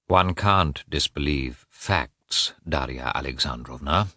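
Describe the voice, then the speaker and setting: Deep-voiced guy doing cold stiff husband, formal and clipped, audiobook. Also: animated, unhurried, fairly bright tone, dry recording, studio quality, full character voice. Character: cold, formal, wounded middle-aged husband. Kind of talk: audiobook character voice.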